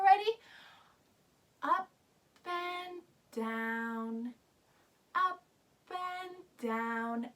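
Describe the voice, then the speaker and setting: A young woman teaching yoga to small children, her voice high-pitched and her pace slow and drawn out. She sounds upbeat and sing-song as she coaxes the kids through each pose. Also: lively intonation, fairly bright tone.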